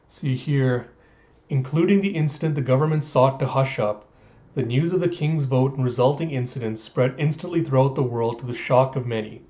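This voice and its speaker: A man's voice: medium pitch, dark tone. A man retelling a comic chapter in a casual recap, loose and full of asides, as a reviewer on a dull lo-fi recording. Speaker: manga reviewer.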